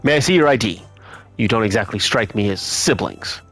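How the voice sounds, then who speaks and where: A man's voice: lowish voice, animated, a little fast, a bit bright, faint music behind. A man doing a stern, confident patrol officer. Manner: formal, clipped and self-assured.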